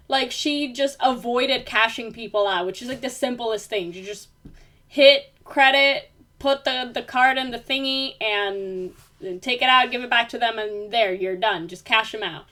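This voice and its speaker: A young vlogger speaks at a moderate pace in a fairly high, pushed, bright voice, venting casually. She rambles with plenty of fillers before turning heated and emphatic during her rant.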